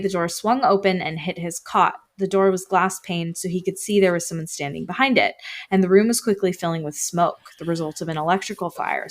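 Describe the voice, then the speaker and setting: A young woman co-hosting a podcast, reading ghost stories from an article in casual chat, with a slight lisp and some stumbling over her words. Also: fairly low pitch. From Canada. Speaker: podcast co-host.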